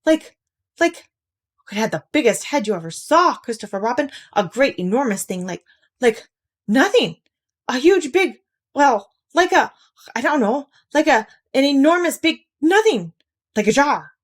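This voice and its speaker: A woman's voice: sits high, very animated, measured pace, pitched above the performer's own voice, heavily acted. A woman voicing a small, timid young male piglet who cries out in panic and stammers, in a storybook read-aloud. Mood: flustered.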